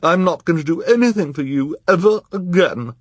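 A man's voice: low voice, big pitch swings, a little slow, slightly rough, no echo, clean studio sound, full character voice. A man voicing a vain, pouting fashionable woman in a storybook reading, in a raised, haughty voice. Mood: pouty. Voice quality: pouty, haughty.

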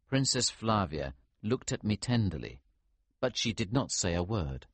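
A man reading a storybook aloud in the first person, narrating expressively with a husky voice. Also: fairly low pitch, very animated, measured pace, no echo.

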